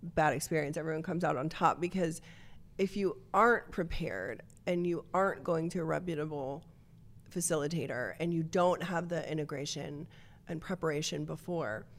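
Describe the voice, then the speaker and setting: A woman with a notably low voice tells her story as a podcast guest. She speaks earnestly and reflectively, in a conversational way. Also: moderate pace. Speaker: nonprofit co-founder, guest.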